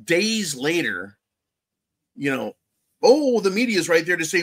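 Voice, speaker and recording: A man rants through his own commentary show with a slightly high voice. He swears constantly, circles back over the same points and throws in sarcastic jabs. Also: sing-song, measured pace, pauses often, fairly bright tone. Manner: angry, heavily profane, repetitive; sarcastic asides. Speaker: channel host. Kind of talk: ranting political commentary.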